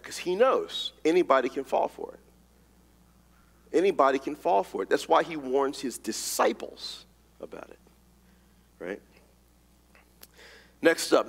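A man's voice: on the high side, long reverb tail. A man preaching a sermon, emphatic and casual, reading scripture and telling a story. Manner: animated, rapid-fire emphatic delivery, casual slang.

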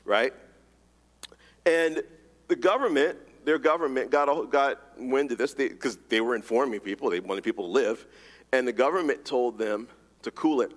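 In a mid-range voice echoing as if in a big room, a man preaches a sermon, reading scripture and telling a story. His delivery is animated and emphatic, rapid-fire and sprinkled with casual slang.

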